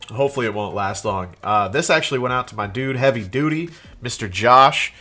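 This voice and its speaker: A man's voice: medium pitch, lively intonation, fairly quick, sharp tone, soft background music. A congested young man with a cold, rambling casually through a show-and-tell about things he resold, with plenty of fillers and restarts. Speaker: reseller vlogger.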